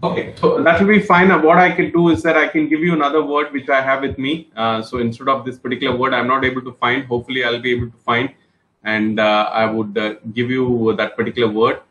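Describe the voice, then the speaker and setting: A male trainer leads an online English class, repeating each word slowly and building example sentences around it. He talks in a steady, encouraging way, with many fillers and restarts. His voice sits in the middle range and carries a roomy echo. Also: mid-range voice, lo-fi sound, slight background noise. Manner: repetitive, explains words with example sentences.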